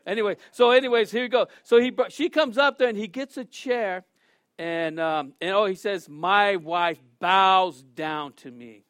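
A middle-aged man preaching a sermon as pastor, telling stories with lively acted-out quotes and laughter. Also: sits high, normal speed, dry recording, studio quality. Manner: animated storytelling, acts out quotes with shouts and laughs.

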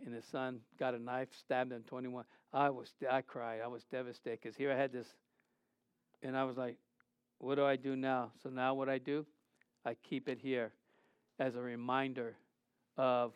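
A male pastor preaching a sermon, telling personal stories with animated delivery and acted-out quotes. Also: mid-range voice, clear, resonant tone, no echo. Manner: animated preaching, storytelling, acts out quoted voices.

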